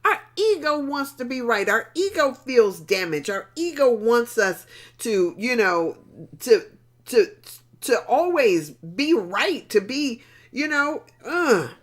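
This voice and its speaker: Middle-aged woman host, motivational storyteller, lively pitch, slow deliberate delivery, repeats for emphasis. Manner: animated, conversational, repeats words for emphasis. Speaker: motivational talk show host.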